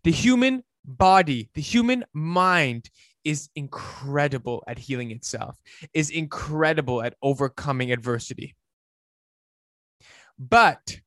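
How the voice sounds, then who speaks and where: A man, a fitness coach, giving an emphatic, preachy motivational talk that swings between loud and hushed. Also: a little high, no echo, clean studio sound.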